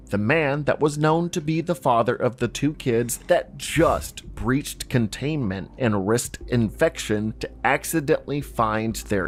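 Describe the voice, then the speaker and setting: A man's voice: medium pitch, slight background noise. A man hosting a reaction video, giving sarcastic, incredulous ranting commentary.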